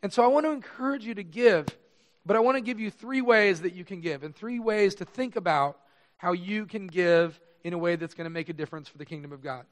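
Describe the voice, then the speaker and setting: A man's voice: sits high, a little fast. A male pastor preaching a sermon, telling stories in a conversational, self-deprecating way.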